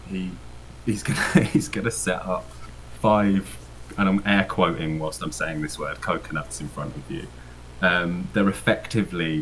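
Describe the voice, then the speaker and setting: A man's voice: low-pitched, fairly bright tone, slight background noise, poor audio. A man narrating as game master in a tabletop game, rambling with many fillers and frequent laughs.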